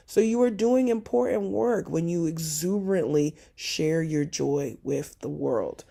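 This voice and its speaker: A woman's voice: medium pitch, gravelly, dark tone. A woman hosting a motivational spiritual talk, playful and affectionate, laughing often and repeating blessings and chants. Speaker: spiritual teacher and host.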